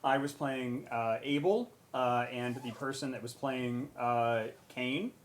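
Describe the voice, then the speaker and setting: Man telling an animated story. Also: medium pitch, takes it slowly. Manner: animated, acts out quotes with raised voice. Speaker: panelist on a charity stream. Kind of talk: casual storytelling.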